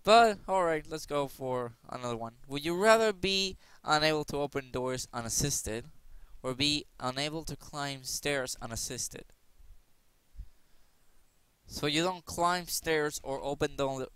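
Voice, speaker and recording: A young man with a bright, crisp and slightly high voice, talking casually as he works through quiz questions. He rambles and jokes and keeps slipping into silly voices. The sound is dry and close to the mic. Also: a little slow, no echo. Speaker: gaming channel host. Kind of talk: casual commentary playing a quiz game.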